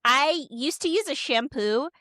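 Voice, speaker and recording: Young female podcast co-host, bright and slightly high, playful filler-heavy chat, dry close sound. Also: animated, unhurried, dry recording. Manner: chatty, playful, uses many fillers. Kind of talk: casual chat.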